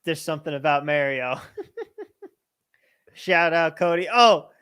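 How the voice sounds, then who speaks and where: Co-host, male, New Jersey accent, raised pitch, jokey storyteller. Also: slow pace, smooth. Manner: joking, animated storyteller. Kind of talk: casual livestream chat.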